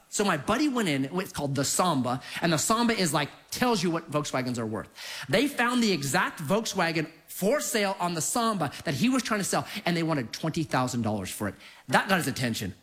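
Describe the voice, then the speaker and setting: A man's voice: sits high, fairly quick. A middle-aged male pastor giving a sermon, telling stories with acted-out quotes. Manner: animated storytelling with acted quotes.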